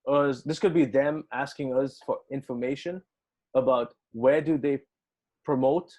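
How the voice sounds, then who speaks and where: This musician guest from the United Arab Emirates speaks at a medium pitch and a little slowly, and the audio sounds dull. Chatting in a casual interview, he tells an animated, profanity-heavy story, performing the lines people said.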